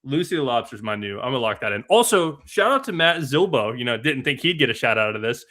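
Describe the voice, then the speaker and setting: A young man co-hosting a casual sports betting podcast, opinionated and emphatic, breaking into fast rants. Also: mid-range voice, big pitch swings, fairly bright tone. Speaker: co-host analyst.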